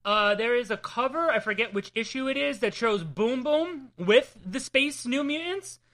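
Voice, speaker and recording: Young jersey guy talking comics on a podcast, bright voice, teasing, swears a lot. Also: very high-pitched, normal speed. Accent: New Jersey. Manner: animated, swears freely, teasing. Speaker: comic book podcast co-host. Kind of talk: casual chat.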